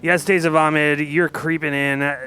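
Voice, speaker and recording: A man's voice: fairly high pitch, flat delivery, moderate pace, bright, forceful tone, clean tone. A man hosting a live studio music show, joking with the band and hyping them up. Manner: upbeat, joking, hypes the guests. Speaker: host.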